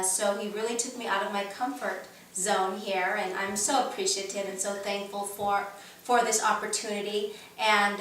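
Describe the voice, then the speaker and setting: A woman from California presenting her own recipe in a casual home cooking demo, talking in an earnest, chatty way with many pauses and fillers. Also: mid-range voice, a bit bright, slight background noise. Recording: very echoey room, mic at a distance.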